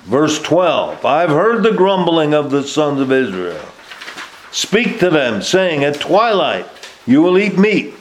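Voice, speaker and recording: A man preaching a sermon and reading scripture aloud, speaking deliberately with frequent filler pauses. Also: a little high, very animated, a little hiss or hum.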